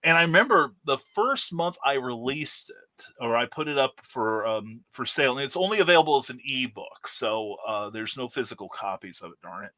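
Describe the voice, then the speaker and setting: A man, a guest author, telling stories in a casual interview, animated and full of fillers. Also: mid-range voice, moderate pace. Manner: animated storyteller, many fillers.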